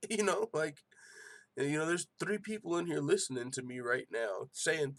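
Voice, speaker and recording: A man's voice: a little high, normal speed. Fired-up, profane man hosting an MMA show. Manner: animated, profane, excitable rants. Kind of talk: casual podcast commentary.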